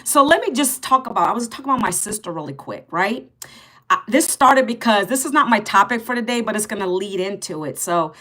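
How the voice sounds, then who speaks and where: A talkative woman in her fifties runs a casual live stream in a middle-pitched voice. She greets viewers by name and reads and answers their comments as she goes. She gets blunt and sarcastic with rude ones. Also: lively intonation, brisk, sharp tone. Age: 50s.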